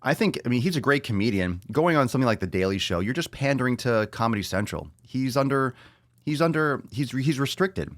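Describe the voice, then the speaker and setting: A man with a mid-range voice and lively intonation talks briskly in a studio-quality recording with no room sound. Hosting his podcast alone, he rants with blunt sarcasm and plenty of swearing, repeats lines for emphasis, and then takes audience questions.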